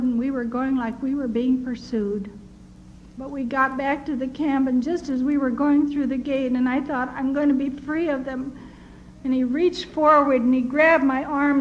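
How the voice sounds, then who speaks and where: An older woman giving an earnest personal testimony, telling her story in a measured way with restarts. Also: high voice, steady tone. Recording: dull lo-fi recording with faint noise.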